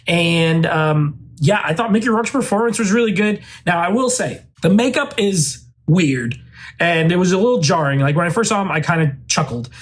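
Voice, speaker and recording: A man's voice: high voice, expressive, normal speed. A man hosting his own channel, giving a loose, rambling spoken movie review full of "like" and "uh" fillers. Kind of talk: casual spoken film review.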